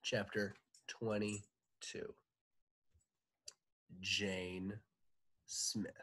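A man, a teacher, reading a children's storybook aloud in a playful, animated way. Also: on the low side, takes it slowly, pauses often, breathy edge, no echo.

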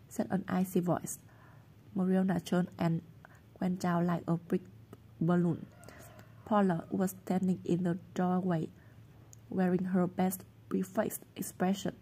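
A woman narrating a storybook chapter in a plain, steady reading voice. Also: fairly low pitch, takes it slowly, pauses often, slightly rough.

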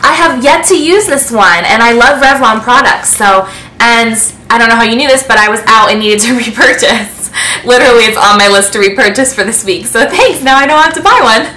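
A woman in a casual beauty vlog, unboxing gifts to camera and gushing with excitement. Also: fairly high pitch, brisk, slight background noise. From United States. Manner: gushing, excitable, breathless with delight. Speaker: beauty vlogger. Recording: echoey room.

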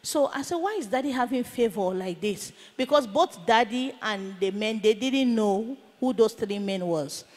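A woman's voice: fairly high pitch, animated, moderate pace, hardly any pauses, darkish tone. A woman preacher delivering a sermon as she recounts a vision, emphatic and full of rhetorical questions. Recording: long reverb of a large hall.

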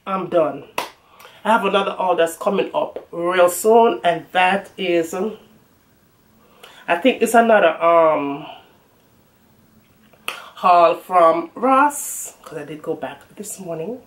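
A woman's voice: on the low side, takes it slowly, long pauses, slight background noise. A young woman chatting casually to camera about her shopping haul, calling her viewers y'all. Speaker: haul vlogger.

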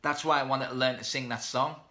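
Bright-toned chatty man. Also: mid-range voice, fairly even intonation, a little fast. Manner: chatty, reads out viewer comments, self-deprecating. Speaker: live stream host. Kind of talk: casual live-stream chat. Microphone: webcam or phone mic.

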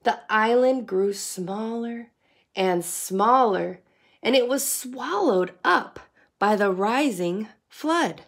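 A woman reading a picture book aloud to children in an expressive, sing-song way, like a teacher. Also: fairly high pitch, slow pace. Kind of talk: storybook read-aloud.

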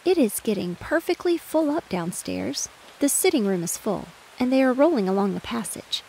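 Lady voicing a huffy little chipmunk housewife, raised pitch, gravelly edge, soft rain. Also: very animated, normal speed, a little hiss or hum, low-quality recording. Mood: indignant. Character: small chatty female chipmunk housewife.

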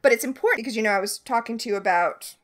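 A woman's voice: a little high, very fast. A woman co-hosting a podcast, chatting casually through a book recap with sarcastic, swearing asides. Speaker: podcast co-host. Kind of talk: casual book-club chat.

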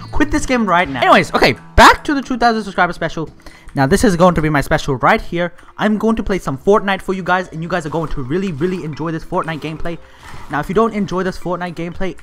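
A young man hosting his gaming channel, giving rambling, excitable commentary while he plays and often yells at the game. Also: sits high.

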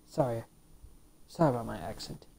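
Woman, low voice, lively pitch swings, casual gameplay commentary, half-whispered mutters, playful grumbling. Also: normal speed, gravelly, slightly rough. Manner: mutters half-whispered asides between exclamations; playfully complaining. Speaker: let's play gamer.

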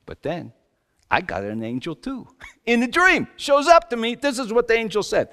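Playing Joseph the carpenter, wry and exasperated, a pastor gives a self-mocking, joking first-person sermon monologue with big emphatic swings, echoing through the long reverb of a church hall in the sanctuary. His voice is exaggerated and extremely high, with huge pitch swings at normal speed, and it sounds a bit bright, clear, and resonant.

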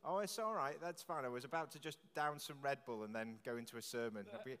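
A man leading a church service, jokily quizzing the congregation with quick questions. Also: mid-range voice, fairly bright tone, smooth. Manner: jokey, chatty, quizzing the audience with quick questions. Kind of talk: playful all-age talk with the congregation. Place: large church with long reverb. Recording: echoey church from a distance.

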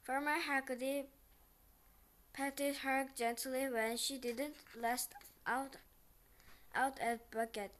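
Woman reading a kids' book, slow and stumbly, highish voice. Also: steady tone, a bit bright, a little hiss or hum. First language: Korean. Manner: slow, halting, frequent restarts on words. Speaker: picture book reader. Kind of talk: reading a children's picture book aloud.

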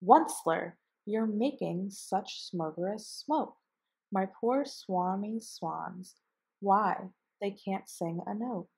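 A woman's voice: medium pitch, slow, creaky, darkish tone, breathy edge, heavily acted, rough recording. A woman reading aloud the lines of a grumpy little forest creature who scolds and complains as he guards the trees. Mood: complaining.

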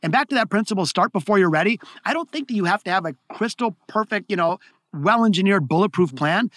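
A man telling stories as an interview guest, talking in excited bursts with frequent restarts and repeated words. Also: sits high, no room sound, clean studio sound. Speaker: guest, keynote speaker. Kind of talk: conversational interview storytelling.

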